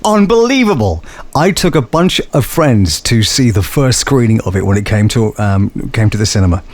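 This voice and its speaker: A man's voice: fairly low pitch, expressive, moderate pace. A man, a voice actor talking enthusiastically and with self-mocking humour in an interview. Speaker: voice actor and guest. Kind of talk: animated interview chat.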